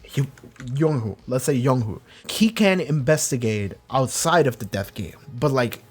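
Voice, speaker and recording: A man's voice: mid-range voice, expressive, measured pace, slightly rough, soft background music. A man hosting a reaction channel, rambling through casual commentary with many restarts and acting out quotes. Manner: acts out quoted characters.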